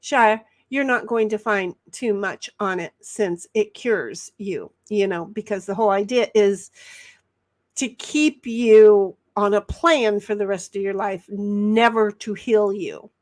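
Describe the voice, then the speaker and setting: A woman's voice: mid-range voice, slow pace. A woman hosting a casual livestream chat, rambling as she reads viewers' messages aloud. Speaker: livestream host reading chat.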